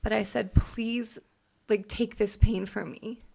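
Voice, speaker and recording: Woman, young adult, gravelly voice, halting, heartfelt, podcast co-host. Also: medium pitch, fairly even intonation, dark tone. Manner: halting, heartfelt, many restarts. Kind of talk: emotional personal storytelling.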